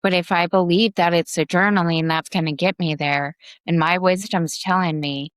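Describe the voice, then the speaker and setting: A woman co-hosting a casual podcast conversation, frank and unhurried, who laughs and swears freely. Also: on the low side, fairly even intonation, smooth, no room sound. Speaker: podcast co-host.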